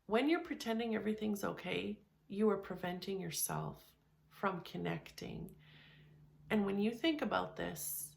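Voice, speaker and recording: A woman giving a frank self-help talk in a gravelly voice at a middle pitch. She speaks in a loose, conversational way, often stopping to restart or repeat a word. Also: a little slow. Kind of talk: candid motivational talk.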